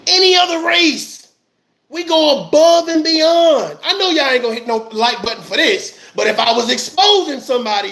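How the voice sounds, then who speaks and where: A man's voice: very high-pitched, a bit bright. A man, an army veteran, giving heated livestream commentary, ranting with passion and repeating his phrases.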